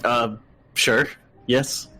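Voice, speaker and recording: A man playing a tabletop game, casual and quick to laugh. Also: medium pitch, steady tone, sharp tone, soft background music. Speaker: player.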